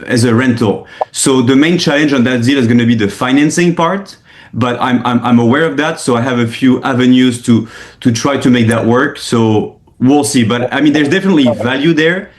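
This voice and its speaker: A mid-pitched man describes his work to a group over a video call. He talks in a halting way, restarting phrases and filling gaps. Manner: halting, many restarts and fillers. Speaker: real estate agent.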